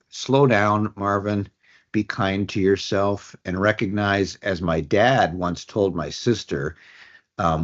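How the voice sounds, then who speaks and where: Deep-voiced man in his sixties, halting. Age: 60s. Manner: halting, with frequent restarts and fillers. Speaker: guest, addiction treatment executive. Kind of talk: reflective interview talk. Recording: dull lo-fi audio.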